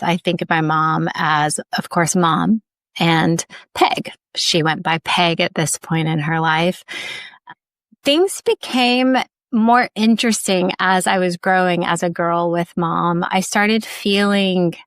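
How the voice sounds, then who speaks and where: A woman podcast host tells personal stories in a candid, reflective way. Her voice sits a little low, and she often says "like" and laughs softly. The sound is close and dry. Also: dry recording. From Ohio, USA. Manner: candid, soft, with frequent "like" and light laughs.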